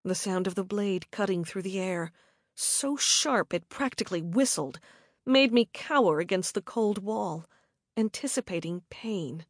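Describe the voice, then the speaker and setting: Slow, dramatic female storyteller. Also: medium pitch, lively intonation, no room sound, clean studio sound. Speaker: audiobook narrator. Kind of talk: scripted first-person narration.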